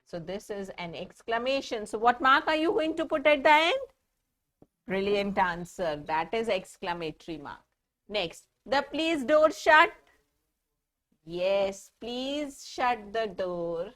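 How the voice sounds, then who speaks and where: A woman teaching a grammar lesson to children, speaking patiently and pausing deliberately to show how punctuation changes meaning. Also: mid-range voice, lively intonation, a bit bright. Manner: patient, explaining with deliberate pauses.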